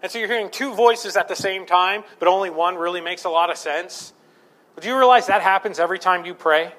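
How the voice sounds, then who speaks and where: A man's voice: sits high, a little fast, pushed and bright. A man preaching a sermon as pastor, conversational and self-deprecating, building to fervent emphasis.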